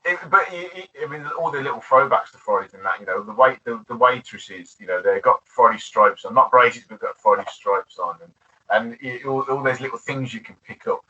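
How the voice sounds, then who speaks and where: A former bartender from the United Kingdom is being interviewed casually about his years behind the bar, chatting, laughing often and restarting sentences a lot. His medium-pitched voice is expressive, brisk, sharp-toned and slightly rough. The recording is distant, with dull lo-fi audio.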